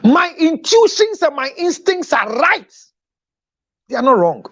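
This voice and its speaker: A man's voice: extremely high pitch, very animated, a little slow, pushed and bright, no echo, lo-fi sound. A man with a Ghanaian English accent giving dramatic counseling talk, switching between English and Twi and acting out the people in his stories. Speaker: relationship counselor and show host.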